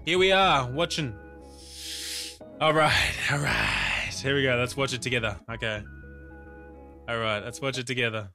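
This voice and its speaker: A man streaming live, reacting to videos with loud exclamations, groans and a lot of swearing. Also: mid-range voice, moderate pace, creaky, long pauses, faint music behind.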